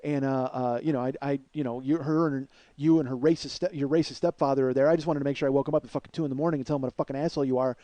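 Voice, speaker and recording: A man voicing a spiteful woman who curses and mocks in a shrill, jeering tone while telling a comedy story. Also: fairly even intonation, racing, few pauses, warm tone, dry recording, close to an everyday voice. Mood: ranting. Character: furious, cursing woman, spiteful and mocking.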